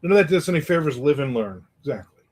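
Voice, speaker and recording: A man's voice: a little high, lively intonation, quick pace. A middle-aged man hosting a casual livestream, rambling about his weekend and reading viewer comments aloud. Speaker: livestream host.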